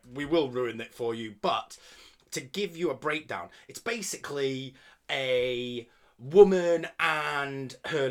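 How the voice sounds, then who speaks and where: A man talking through a horror film with a friend in loose, casual chat. He swears freely and cracks jokes, laughing often. His voice sits at a middle pitch. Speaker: podcast co-host.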